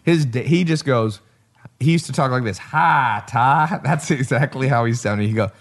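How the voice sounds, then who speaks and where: A man's voice: medium pitch, a little fast. A man hosting a casual podcast, telling stories emphatically and laughing often. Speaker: podcast host.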